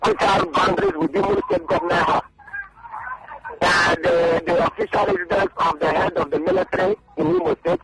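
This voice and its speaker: A man speaks as a journalist guest, with a fairly high voice that swings widely in pitch. His tone is gravelly, and he drives his points home by repeating them. Loud music plays behind him. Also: huge pitch swings, normal speed, poor audio. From Nigeria. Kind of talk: phone-in radio interview.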